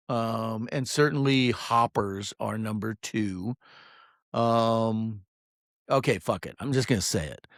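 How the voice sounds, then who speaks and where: A fishing guide talks casually into a close mic, rambling and swearing as he tells his story. His voice sits at a middle pitch for a man. The sound is dry, with no echo. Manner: rambling, profane, many "um"s.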